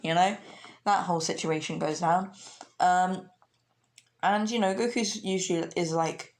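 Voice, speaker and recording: A woman's voice: fairly low pitch, steady tone, unhurried, long pauses. A woman casually retelling a fan story, rambling with lots of fillers and giggles.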